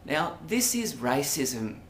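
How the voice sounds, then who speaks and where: A man's voice: fairly high pitch, big pitch swings, takes it slowly. An Australian man vlogging in a rambling, hesitant monologue full of ums and asides. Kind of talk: casual monologue to camera. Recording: roomy echo, faint background noise.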